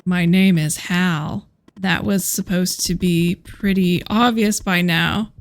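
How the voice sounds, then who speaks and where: A woman reading out the lines of a smug, mysterious male hacker from a video game, in a calm, deliberate way. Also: on the low side, dry recording, pitched below the performer's own voice. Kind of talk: reading game dialogue aloud.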